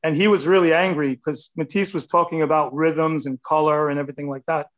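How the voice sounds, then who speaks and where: A man in his fifties, an artist talking casually in an interview, animated and rambling, with a self-deprecating touch. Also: fairly high pitch, brisk, low-quality recording. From United States. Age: 50s. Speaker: artist guest.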